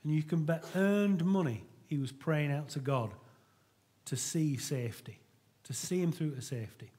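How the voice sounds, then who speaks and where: Middle-aged male preacher, husky and a touch high-pitched, earnest and conversational sermon delivery. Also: moderate pace, warm tone. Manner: earnest and conversational, with frequent restarts.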